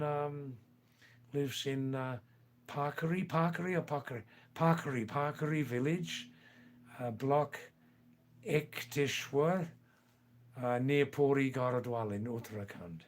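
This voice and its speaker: An older man hosts a live stream, reading viewer comments aloud and answering them with playful, teasing remarks. He speaks slowly and unhurriedly, his voice at an ordinary middle pitch.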